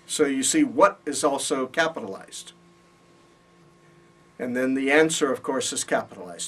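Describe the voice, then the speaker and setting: A man's voice: mid-range voice, expressive, unhurried, husky. A man teaching a Bible college class, explaining patiently and checking in with his students, recorded in a classroom from a distance. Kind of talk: classroom lecture. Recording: voice from far off.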